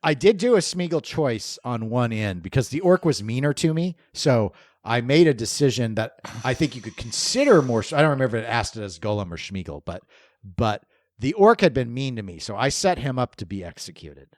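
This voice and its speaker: Clean studio audio with no room sound captures this man's mid-range voice, moving a little fast. He co-hosts a gaming podcast, rambling animatedly through casual chat and chuckling along the way.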